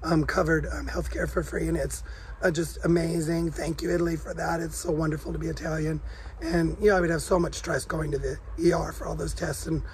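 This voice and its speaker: A middle-aged man from the United States, hoarse from coughing, chatting away on a vlog and laughing often. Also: on the high side, flat delivery, brisk, a little hiss or hum. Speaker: vlog co-host. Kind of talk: casual chat.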